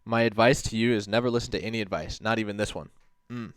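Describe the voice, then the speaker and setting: The livestream host, a man with a smooth, lowish voice, talks fast and rambles, packing in "like" and plenty of swearing. He reads chat messages aloud and responds to them, recorded dry and close.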